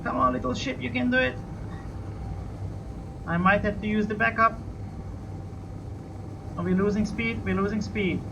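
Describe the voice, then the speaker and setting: Over a noisy background in lo-fi sound, a gravelly voice of medium pitch narrates a game moment by moment, talking to itself and letting out swears and yelps whenever things go badly. This let's-play host keeps a steady tone at a moderate pace and pauses often.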